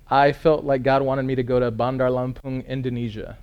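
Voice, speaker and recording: A man, preaching a storytelling sermon, earnest and dramatic, dropping to a hush for emphasis. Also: medium pitch, normal speed, few pauses, smooth, muffled recording.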